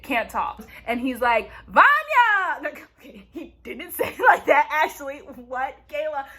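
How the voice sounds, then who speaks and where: A woman's voice: sits high, sharp tone. A young woman vlogger recapping a TV show in a playful, chatty way, saying "like" constantly. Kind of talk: casual TV recap chat.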